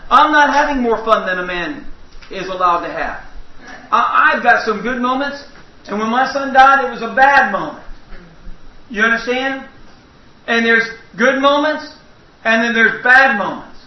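High-voiced folksy preacher. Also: male voice, expressive, measured pace. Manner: folksy storytelling with jokes. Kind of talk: sermon. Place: church. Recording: echoey, distant, dull church sound.

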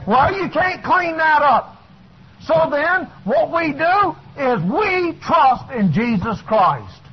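A male preacher speaks slowly with big swings in pitch, delivering a fiery sermon. He shouts his points and then falls to low asides, all in a dull, lo-fi recording.

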